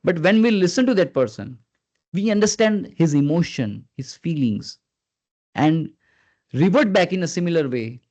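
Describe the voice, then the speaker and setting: A man leading a live online training session as a communication skills trainer, earnest and coaxing, who keeps prompting his listeners and swings his pitch up and down on purpose. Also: expressive, moderate pace, darkish tone. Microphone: video call. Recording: dull lo-fi video call audio.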